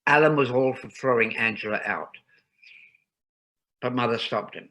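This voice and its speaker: A man reading a ghost story aloud in a calm, measured narration. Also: medium pitch, low-quality recording.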